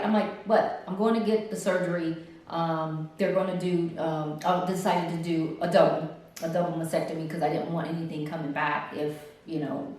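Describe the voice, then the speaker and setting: Older woman, chatty storyteller, big voiced-out quotes, recorded far off in a roomy space. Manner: animated, acts out other people's lines in a high voice. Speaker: interviewee telling her story. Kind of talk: casual storytelling. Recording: roomy echo, distant from mic.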